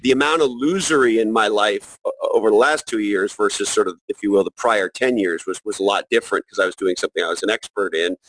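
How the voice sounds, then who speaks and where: A middle-aged man with a lowish voice speaks as a guest on a podcast. He talks in a reflective, unhurried way, with frequent restarts and fillers. The recording is dry and close. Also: fairly bright tone, no room sound, low-quality recording. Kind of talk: casual interview conversation.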